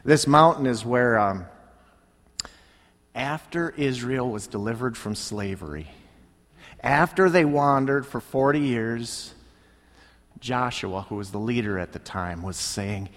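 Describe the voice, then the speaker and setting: Slow, lively preacher in a reverberant hall. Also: male voice, mid-range voice. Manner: storytelling, acts out characters' lines. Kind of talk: sermon retelling a Bible story.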